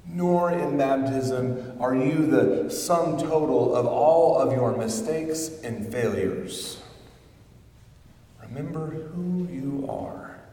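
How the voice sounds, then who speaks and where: A male pastor preaching a sermon, telling stories slowly and building to emphatic peaks. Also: mid-range voice, mellow. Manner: slow, storytelling, swelling to emphatic peaks. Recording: echoey church hall from far off.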